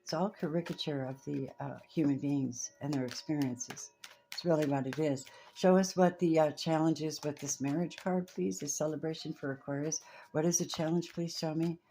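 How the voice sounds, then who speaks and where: Low, mellow-voiced woman tarot reader. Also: fairly even intonation, a little hiss or hum. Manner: slow, soft-spoken, addresses viewers as babies. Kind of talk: spiritual tarot reading.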